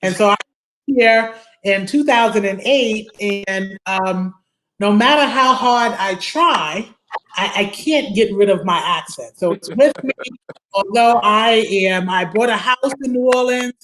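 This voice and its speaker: A woman's voice: mid-range voice, unhurried, a bit bright, poor audio. A woman with a Brooklyn accent, a guest attorney in an interview, talking emphatically, repeating words and ending points with "right?". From Brooklyn, New York. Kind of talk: interview conversation. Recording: faint background noise.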